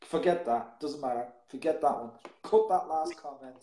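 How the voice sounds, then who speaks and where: A man's voice: medium pitch, moderate pace, mellow. A man hosts a live poetry show, talking casually and at length. He rambles, stumbling over and repeating his words as he goes. The sound is roomy, with a noticeable echo. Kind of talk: casual live-stream chat.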